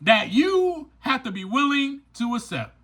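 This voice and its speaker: A man's voice: very high voice, sing-song, unhurried, a bit bright. A man hosting a recovery podcast, talking straight to his listeners in an emphatic, preachy way and repeating lines for stress. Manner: speaks straight to listeners, informal. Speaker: podcast host. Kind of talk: motivational recovery podcast monologue.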